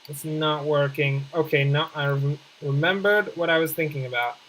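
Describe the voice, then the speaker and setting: A man's voice: on the high side, fairly even intonation, normal speed, fairly bright tone, slight background noise, low-quality recording. A man giving casual let's-play commentary while building a city, chatty and wry, mocking himself and thinking aloud as he plays. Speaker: gameplay commentator.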